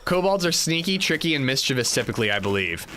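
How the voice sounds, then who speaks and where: A man's voice: medium pitch, very animated, fast, bright, forceful tone, a little hiss or hum. A man streaming a survival game, chatting casually and joking with his viewers. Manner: joking, chatty, talks to chat. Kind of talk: casual livestream commentary.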